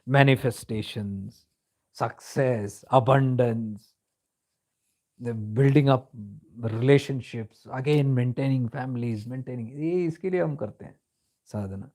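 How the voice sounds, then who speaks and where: A man's voice: mid-range voice, moderate pace, mellow. A man giving a reflective spiritual discourse, telling stories in a conversational way and slipping into Hindi phrases. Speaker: spiritual teacher.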